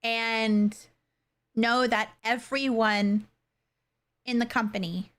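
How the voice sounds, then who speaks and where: A young adult woman chatting casually with her livestream viewers, halting and soft-spoken, with many fillers and pauses. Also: fairly high pitch, fairly even intonation. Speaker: streamer.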